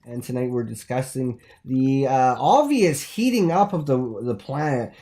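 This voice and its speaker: A man hosting a comedic call-in talk show, rambling in deadpan, absurd bluster and dropping into muttered asides. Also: mid-range voice, a little slow, slight background noise. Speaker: host.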